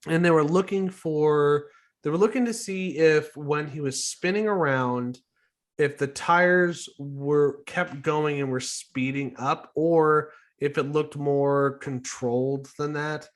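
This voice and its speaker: A man's voice: on the high side, slow. A man co-hosting a casual podcast, rambling with lots of fillers and restarts. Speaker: podcast co-host. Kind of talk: casual chat.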